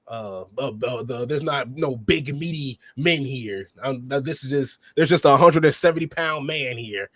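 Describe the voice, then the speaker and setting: A man hosting a podcast, recapping wrestling in an animated, rambling way and acting out quotes. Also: on the high side, no room sound. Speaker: podcast host.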